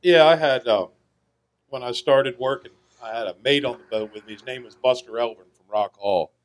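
A man, a charter boat captain telling folksy, animated stories to an audience and acting out the characters. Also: medium pitch, normal speed, no echo. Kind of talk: storytelling to an audience. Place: VFW hall event.

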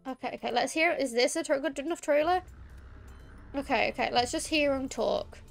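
A woman's voice: high voice, fairly quick, gravelly, soft background music. A woman with a Liverpool accent, chatting in a rambling, emphatic way as she streams a game. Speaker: VTuber streamer. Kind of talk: casual gameplay chat.

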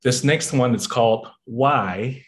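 A man from Singapore reciting his own poetry at an online open mic, delivering each line in a deliberate, measured way over a video call. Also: medium pitch. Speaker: spoken-word poet. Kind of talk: performance poetry reading.

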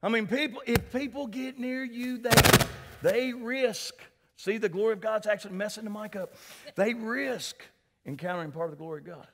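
Male pastor preaching in church, high voice, lively, keeps calling out to people and asking for amens. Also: quick pace, few pauses, a little hiss or hum. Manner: animated, calls for responses, addresses listeners by name. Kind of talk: sermon. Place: church sanctuary.

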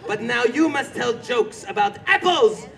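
A man playing a showy, teasing old-Hollywood game show host who shouts to a street crowd. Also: extremely high pitch, expressive, unhurried, gravelly, full character voice. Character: showy male 1920s Hollywood emcee, teasing. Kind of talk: live street comedy show. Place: outdoor theme park street. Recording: distant, loud crowd and noise.

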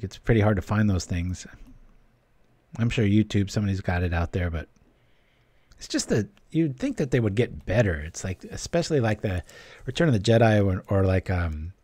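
A man's voice: fairly low pitch, a little mellow, no room sound. A man giving casual gameplay commentary while reading his stream chat, chatty and joking. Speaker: streamer playing a card game.

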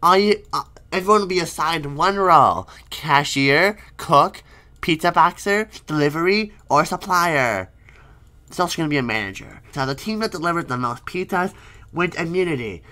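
Male host for a fan object show, casual, bright, lively delivery. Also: a little high, normal speed.

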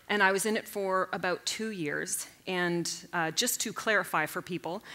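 A woman in her forties telling comedic stories on stage, animated and self-mocking, jumping into loud character voices. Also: fairly low pitch. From Canada. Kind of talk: stand-up storytelling talk. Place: stage at a live event.

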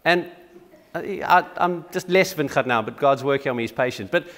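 A man's voice: mid-range voice, moderate pace, fairly bright tone, big-room sound. A man preaching a sermon in a conversational, self-deprecating way with frequent restarts. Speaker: pastor. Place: church.

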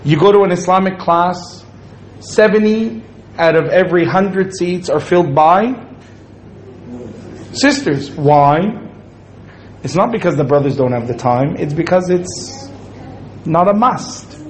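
A man's voice: sits high, unhurried, long pauses, a little hiss or hum, rough recording. A man giving a humorous Islamic lecture to an audience, joking and acting out little scenes as he speaks. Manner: joking, playful storytelling with acted-out quotes.

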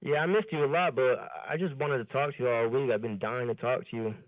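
A man's voice: mid-range voice, fast talker, no echo. Flirty guy calling in over a tinny phone line, eager, mid voice. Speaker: caller. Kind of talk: casual flirty phone chat.

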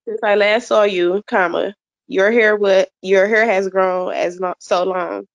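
A woman adult learner reading sentences aloud, halting and correcting herself as she goes. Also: medium pitch, fairly even intonation, vocal fry, no echo, lo-fi sound. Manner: halting, self-correcting reader.

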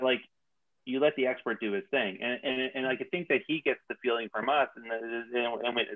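A man, a TV showrunner, talks loosely and circles back through restarts as he explains his work. His voice sits at an ordinary pitch. It comes through a narrow, phone-like video call line. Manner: rambling, many restarts. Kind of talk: casual interview talk.

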